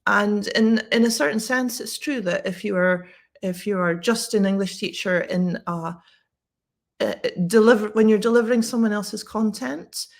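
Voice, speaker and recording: A woman's voice: mid-range voice, normal speed, gravelly. A Scottish woman who teaches English, telling a story to camera in a chatty way with lots of fillers and restarts. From Scotland.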